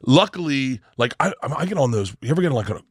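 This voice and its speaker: A man in his fifties chatting on a podcast, spinning anecdotes and acting out the people in them. His voice sits at a middle pitch. The sound is dry and close. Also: fast, husky, no room sound. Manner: animated storyteller, acts out voices. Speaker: guest comedian. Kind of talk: casual podcast chat, storytelling.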